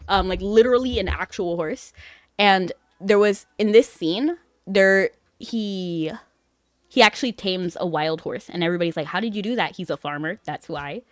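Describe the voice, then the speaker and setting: Chatty, excitable woman streamer. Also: mid-range voice, moderate pace, no echo, studio quality. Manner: excitable, rambling, giggly. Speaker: gaming streamer. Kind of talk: casual gaming stream chat.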